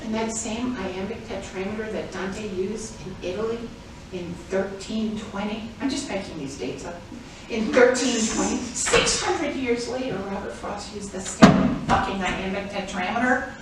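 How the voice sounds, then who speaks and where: A woman's voice: medium pitch, measured pace. A woman giving a comedic spoken-word performance, chatty and profane, laughing often. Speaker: stage performer. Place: live performance venue. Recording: very echoey room, mic far off, audible noise.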